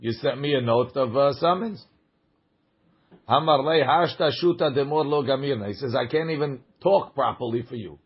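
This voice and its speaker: Husky-voiced man teaching Talmud. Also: medium pitch, fast, lo-fi sound. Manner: reads Aramaic text, then explains in casual English. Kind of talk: Talmud study class.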